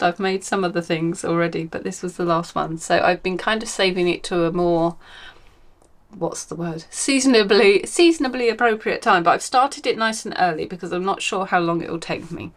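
A woman's voice: fairly low pitch, moderate pace. A woman hosting a crafting podcast from home, chatting casually and rambling, with many ums and self-corrections. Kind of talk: casual chat.

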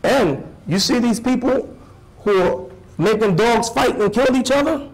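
An imam giving an animated sermon-style lecture to a live audience, repeating phrases for emphasis and putting questions to the listeners. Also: male voice, extremely high pitch, measured pace, poor audio. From United States.

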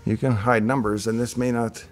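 A man's voice: mid-range voice, little pitch movement, normal speed, faint music behind. A middle-aged man hosting a show, casually thinking aloud as he reacts to on-screen designs with chatty asides. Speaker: show host reviewing software designs.

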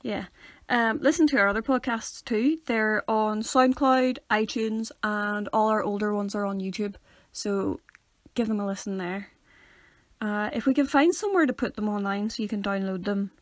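With a medium-pitched voice at a moderate pace and no echo, a young Northern Irish woman from near Derry co-hosts a casual podcast. She tells stories animatedly, acting out quotes and laughing often.

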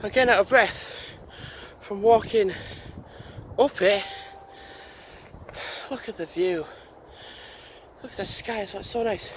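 Slow-talking man, higher voice, rambling walk-and-talk vlogger, wind and road traffic behind. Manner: rambling, thinking aloud. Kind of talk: casual walking vlog chat. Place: outdoors on a lane by a busy road. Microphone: handheld camera while walking. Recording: wind and traffic noise outdoors.

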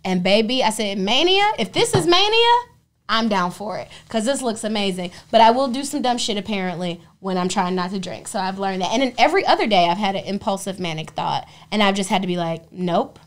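A young adult woman co-hosting a podcast, telling stories in a profane, animated way and acting out the voices of the people in them. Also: mid-range voice, quick pace, few pauses. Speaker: podcast co-host. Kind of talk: casual podcast storytelling.

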